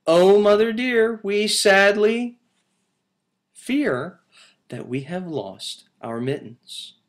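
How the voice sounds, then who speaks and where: A man voicing a group of small sad kittens in a high, plaintive sing-song while reading a nursery rhyme to children. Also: lively intonation, extremely slow, full character voice. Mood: sad pleading. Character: three little kittens, small and sorrowful.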